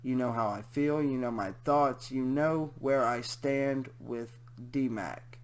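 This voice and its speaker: A man's voice: medium pitch, slow, clear, resonant tone. A man streaming casual commentary, slangy and swearing freely.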